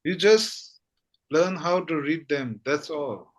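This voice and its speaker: A man's voice: fairly high pitch, animated, takes it slowly. A man teaching a language lesson patiently, checking understanding with frequent questions. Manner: patient, repeats "okay?" often.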